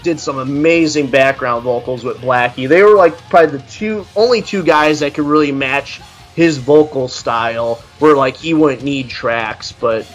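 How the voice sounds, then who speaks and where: A man co-hosting a podcast, ranting bluntly and profanely as he tells animated stories. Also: mid-range voice, normal speed, soft background music. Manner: animated storytelling. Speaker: podcast co-host reviewing an album. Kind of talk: casual podcast chat.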